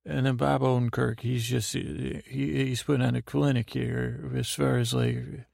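A man drifts through a bedtime recap in a meandering, halting way, often circling back to restart his sentences. His voice is deeply gravelly and stays fairly level in pitch. The sound is dry and close to the mic. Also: flat delivery, darkish tone, dry recording. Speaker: podcast host.

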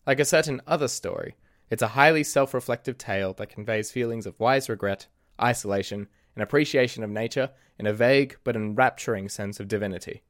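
A man's voice: mid-range voice, fairly quick, no echo. A man hosting a show and narrating his own comic adventure in mock-archaic, theatrical turns with dry asides. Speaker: podcast host and storyteller.

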